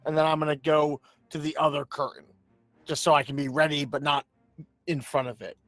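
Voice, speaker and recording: A man's voice: on the high side, little pitch movement, a little fast, fairly bright tone, soft background music. A man playing a tabletop game, talking through his moves and repeating words as he plans. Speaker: player. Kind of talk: casual tabletop play.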